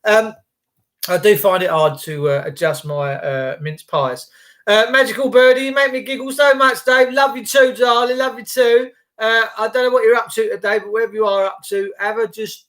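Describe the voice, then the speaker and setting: Man, high voice, rambling, swearing, livestream host greeting viewers. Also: moderate pace, a bit bright. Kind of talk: casual livestream chat.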